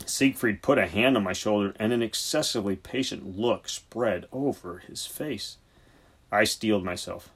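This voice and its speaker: Husky male audiobook narrator. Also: lowish voice, moderate pace. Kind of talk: scripted narration.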